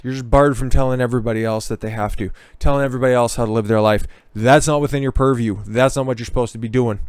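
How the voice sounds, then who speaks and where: Man, commentary host, angry sarcastic rant, profane, clear voice, dry sound. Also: medium pitch, steady tone, fast, hardly any pauses, dry recording. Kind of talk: angry ranting commentary over news clips.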